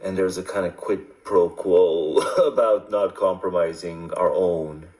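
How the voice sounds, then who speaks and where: A man's voice: low-pitched, a little slow, a little mellow. A man in a casual political chat, joking loosely and laughing mid-sentence.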